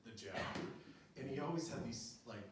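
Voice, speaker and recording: A man's voice: mid-range voice, lively intonation, moderate pace, over a noisy crowd. A middle-aged man telling a personal story live on stage, chatty and laughing often, with lots of fillers. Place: small venue with live audience. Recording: very echoey room, distant mic, audience noise.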